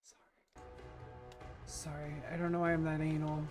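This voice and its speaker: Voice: medium pitch, level tone, fast talker, music in the background. A streamer chatting casually while playing a video game, answering chat with lots of fillers.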